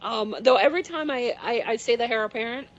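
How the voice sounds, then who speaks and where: A man calling in to a radio show, talking in a halting, self-deprecating way. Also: very high voice, dull audio. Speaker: caller. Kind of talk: call-in radio chat.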